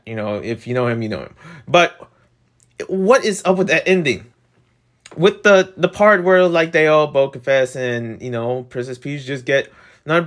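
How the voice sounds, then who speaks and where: A young man reviewing a video game in a rambling, excitable way, full of fillers. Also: on the high side.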